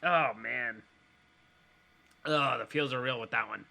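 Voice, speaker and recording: Bright-voiced man in halting casual chat. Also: medium pitch, gravelly. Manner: halting, many fillers and restarts. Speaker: podcast co-host.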